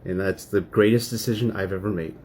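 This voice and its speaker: A man's voice: deep voice, steady tone, a little fast, a little mellow, a little hiss or hum. A man telling a personal story in casual speech, acting out his partner's complaints. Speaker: interviewee.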